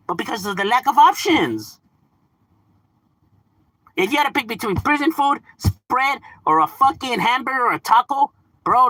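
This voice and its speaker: A man's voice: high-pitched, pushed and bright, breathy edge, no room sound. A man streaming a game, ranting casually in profane street slang with mock exasperation and frequent laughter. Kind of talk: casual live-stream rant.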